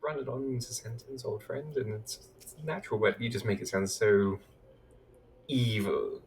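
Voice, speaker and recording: A man's voice: fairly low pitch, moderate pace. A man bantering casually on a game stream, teasing the reader. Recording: distant voice with faint hum.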